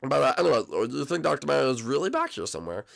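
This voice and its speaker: A woman's voice: extremely low pitch, big pitch swings, very fast, vocal fry, pitched below the performer's own voice, heavily acted. A woman voicing a sulky male dinosaur sidekick in a Minecraft role-play video, drawling and talking back.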